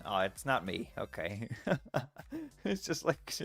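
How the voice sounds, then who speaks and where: A man's voice: mid-range voice, very animated, brisk, a bit bright, no echo, soft background music. A man streaming a text adventure game, reading its story aloud and reacting playfully, often laughing.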